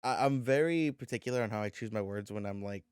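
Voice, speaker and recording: Smooth-voiced young man, relaxed podcast chat. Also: on the low side, fast talker, dry recording, clean studio sound. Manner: rambling, restarts words, many fillers. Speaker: podcast co-host. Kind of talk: casual chat.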